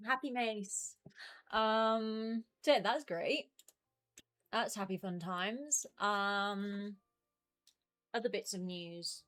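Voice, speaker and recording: A woman's voice: medium pitch, slow pace, pauses often, fairly bright tone, faint music behind. A young woman in her twenties chatting casually with her stream viewers from home, rambling with lots of fillers. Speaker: game streamer.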